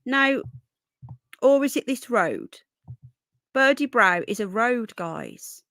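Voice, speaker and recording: A woman's voice: a little high, expressive, slow, fairly bright tone, no echo, clean studio sound. A woman hosting a casual live stream, thinking aloud and greeting viewers by name.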